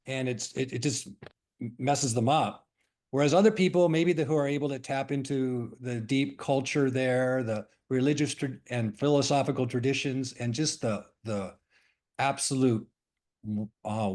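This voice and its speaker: A middle-aged man from Hawaii shares a story and a spiritual reflection at a gentle, measured pace. He often pauses, restarts and fills gaps with soft "um"s as he thinks aloud. His voice sits at an ordinary middle pitch for a man. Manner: thoughtful, unhurried, with many pauses and fillers. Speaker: spiritual discussion leader.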